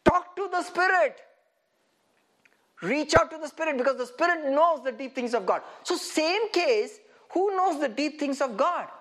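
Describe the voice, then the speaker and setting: Male preacher, high voice, animated sermon, laughing, rhetorical questions. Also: moderate pace.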